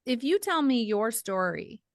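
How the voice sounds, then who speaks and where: A middle-aged woman, a podcast guest, telling her personal story in an animated way and acting out the voices in her quotes. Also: a little high, measured pace, dry recording, clean studio sound. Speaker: podcast guest, author and ministry founder.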